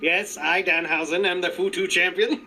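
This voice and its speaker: A man doing an impression of a theatrical male wrestler who boasts slowly and keeps repeating "yes.". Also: sits high, steady tone, a crowd in the background, natural voice. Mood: mock-sinister. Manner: slow, repetitive "yes, yes" boasting.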